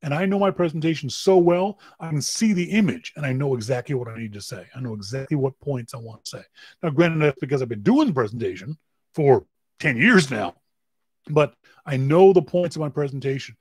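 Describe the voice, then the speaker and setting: A man hosting a podcast, giving casual advice on camera and stressing words with big jumps in pitch and loudness. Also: lively intonation, fairly quick, husky, no room sound. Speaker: podcast host.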